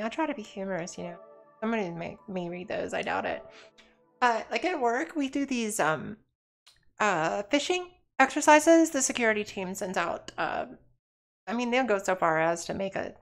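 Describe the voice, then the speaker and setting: A woman in a relaxed gaming stream, talking at an ordinary middle pitch in a loose, rambling way. She jokes and chats between moments of play, with faint music under her voice. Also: moderate pace, vocal fry. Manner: rambling, joking, chatty. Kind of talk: casual chat while gaming.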